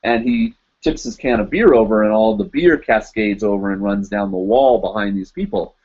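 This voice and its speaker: A man's voice: on the low side, normal speed, darkish tone. A man hosting a live chat show, telling a long story casually and filling it with "you know" and "like". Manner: rambling, loaded with "you know" and "like". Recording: dull lo-fi livestream audio.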